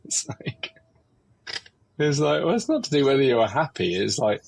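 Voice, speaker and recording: Husky-voiced man hosting a heartfelt chat. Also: mid-range voice, very animated, unhurried. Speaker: podcast host. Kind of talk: open conversational interview.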